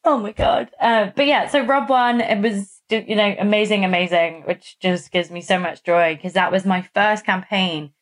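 A woman co-hosting a podcast from Massachusetts, telling stories in a casual, animated way with many fillers. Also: mid-range voice, normal speed, few pauses. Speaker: podcast co-host. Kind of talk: casual chat.

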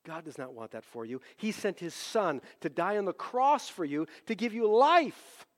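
Impassioned preacher in a hall. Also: male voice, high-pitched, big pitch swings, normal speed. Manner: impassioned, climbs into loud emphatic peaks. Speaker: pastor. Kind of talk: sermon.

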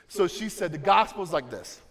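Young guy preaching, highish voice, goes from hushed to full-on emphatic, big reverby church hall. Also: expressive, fairly quick. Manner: swings from soft and low to loud and emphatic. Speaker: pastor. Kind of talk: sermon. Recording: long reverb of a large hall.

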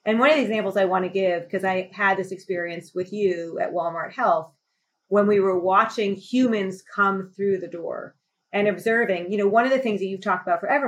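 Woman guest, mid-pitched, speaks with fervent, emphatic storytelling energy. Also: poor audio. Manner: emphatic, rising to impassioned intensity. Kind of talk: passionate conversational storytelling.

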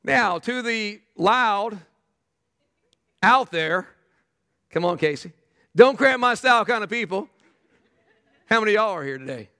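A man preaching a sermon as pastor, emphatic and animated, often repeating phrases for effect. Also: high-pitched, a little slow, long pauses, long reverb tail. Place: church sanctuary.

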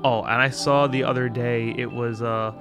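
A man's voice: medium pitch, moderate pace, over music. A young man hosting a podcast, ranting in a casual comedic monologue with lots of swearing and mocking put-on voices. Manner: profane, animated rants with mocking put-on voices. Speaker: podcast host.

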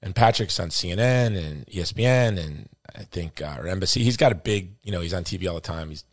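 A man's voice: low voice, quick pace, no echo, clean studio sound. A middle-aged man hosting a podcast, telling a story in casual chat and acting out the voices of the people he quotes. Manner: animated, acts out quoted voices, says dude and brother. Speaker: podcast host.

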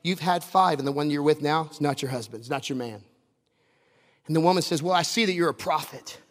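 A man's voice: on the high side, brisk. A man pastor preaching a sermon, conversational and joking, with asides to the congregation. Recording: long hall reverb.

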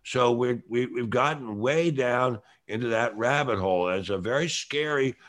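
An older man hosts a casual opinion podcast, delivering a long, opinionated monologue like a lecture. His medium-pitched, slightly bright voice moves at a moderate pace, though his throat sounds bronchial and he has to clear it now and then.

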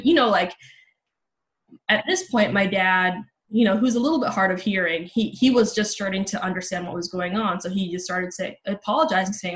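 A woman's voice: medium pitch, normal speed, fairly bright tone. A woman in her thirties, a journalist guest on a podcast, recounting a personal story candidly with frequent casual fillers over a remote call. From Los Angeles.

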